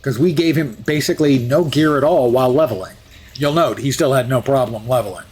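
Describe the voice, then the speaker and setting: A man's voice: mid-range voice, fairly quick, darkish tone, breathy edge. A man streaming live, chatting through gameplay with wry asides and jokes.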